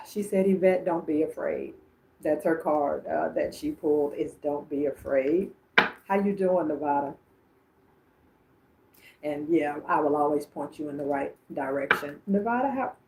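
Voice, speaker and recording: A woman's voice: low voice, steady tone, unhurried, creaky, noisy background. A woman reading messages for viewers on a livestream, chatting and calling them by name. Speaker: psychic medium on a livestream.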